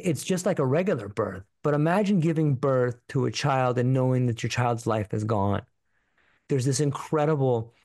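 A man's voice: medium pitch, a little mellow, no room sound. Earnest man telling a personal story. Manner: earnest, profane, repetitive, full of fillers. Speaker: podcast guest.

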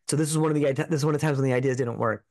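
A man's voice: mid-range voice, steady tone, rapid-fire, a little mellow, dry recording. A man telling a personal story as a podcast guest, in an earnest, rambling way full of filler words.

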